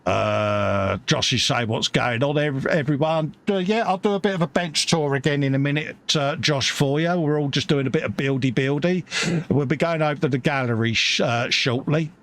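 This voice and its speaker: Gravelly Cockney man chatting. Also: on the high side, moderate pace, fairly bright tone. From England. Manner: chatty, matey, reads viewer comments aloud. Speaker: host of a live model-building stream. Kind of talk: casual chat. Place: home hobby workbench.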